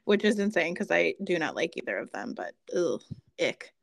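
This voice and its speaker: A woman's voice: lowish voice, very animated, normal speed, vocal fry, dry recording, rough recording. A woman co-hosting a podcast in casual chat. She is emphatic, laughs a lot and repeats phrases for effect. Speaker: podcast co-host.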